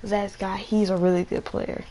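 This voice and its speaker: A man giving live gameplay commentary, excitable, trash-talking in slang and repeating phrases. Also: sits high, moderate pace, a little hiss or hum. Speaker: gamer.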